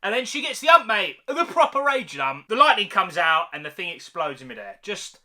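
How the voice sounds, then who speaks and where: A young man giving a casual, excited film review, full of slang, who keeps tagging sentences with "mate" and "man.". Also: sits high, a little fast.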